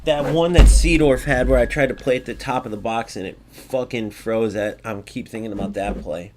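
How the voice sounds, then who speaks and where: A man's voice: medium pitch, normal speed, darkish tone, a little hiss or hum. A man hosting a gaming video, giving casual gameplay commentary in a blunt, sarcastic way and talking straight to his viewers.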